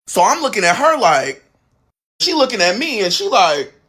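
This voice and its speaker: A man telling a family story in a casual storytime chat, acting out what relatives said with big jumps in pitch. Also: sing-song, moderate pace, pushed and bright, husky. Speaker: guest storyteller.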